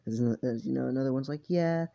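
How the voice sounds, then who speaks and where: A tired man tells a fan story in a loose, rambling way, with plenty of fillers and the odd curse. His voice is gravelly and dark, and the recording is dull and lo-fi. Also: on the low side, moderate pace. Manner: rambling, with many fillers and swearing. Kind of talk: rambling casual story narration.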